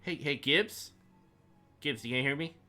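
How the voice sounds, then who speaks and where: A man voicing a female doctor who gives hurried, reassuring instructions in a tabletop game. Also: a little high, pushed and bright, faint music behind, voice pushed up. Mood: urgent. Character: female doctor, calm and urgent.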